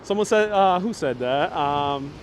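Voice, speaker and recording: Man, live walking city tour, chatty with viewers, somewhat high-pitched, faint outdoor street noise, lapel mic. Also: lively intonation, unhurried. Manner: chatty, reads viewer comments aloud. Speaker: livestream city tour guide. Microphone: wireless lapel mic with phone on gimbal. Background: street ambience.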